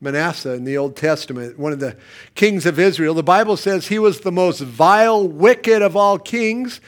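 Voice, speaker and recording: A middle-aged pastor preaches a sermon in a high-set voice. He swings between quiet, soft passages and sudden loud, emphatic bursts.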